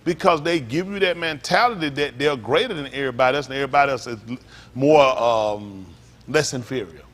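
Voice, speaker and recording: A man delivers a sermon as pastor. He alternates between slow, deliberate scripture reading and lively call-and-response commentary, often pushing up into emphatic, questioning exclaims. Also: medium pitch. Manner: reads scripture aloud slowly between comments.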